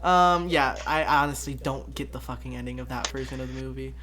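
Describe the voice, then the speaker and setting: A man's voice: medium pitch, brisk, a crowd in the background. Giggly, rambling young guy reviewing. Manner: rambling and giggly, retells scenes in quoted voices; full of fillers and profanity. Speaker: movie reviewer. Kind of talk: casual late-night review chat.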